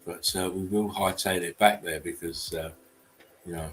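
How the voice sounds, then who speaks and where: A man's voice: deep voice, fairly even intonation, moderate pace, a bit bright, faint music behind, low-quality recording. A man hosting a casual livestream, talking bluntly, swearing and chuckling often. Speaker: channel host.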